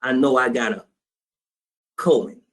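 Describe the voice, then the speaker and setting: A man's voice: medium pitch, a little slow. A man teaching a trading class, telling a blunt, profane story and acting out both sides of a phone call. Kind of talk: storytelling lecture to students.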